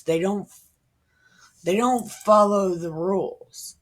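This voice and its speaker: Slow, musing woman in her thirties. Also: medium pitch, animated. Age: 30s. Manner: musing, irreverent, slips into whispers. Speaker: Bible reader. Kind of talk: casual Bible reading with commentary.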